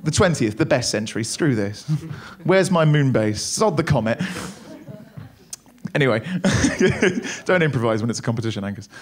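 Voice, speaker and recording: A young man doing a stand-up comedy set on a club stage, wry and self-deprecating with quick asides. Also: mid-range voice, lively intonation.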